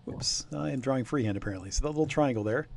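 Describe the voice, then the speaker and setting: A man's voice: mid-range voice, rapid-fire, vocal fry, slight background noise. A man running a tabletop game, talking casually with lots of hesitations and laughs. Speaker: game master.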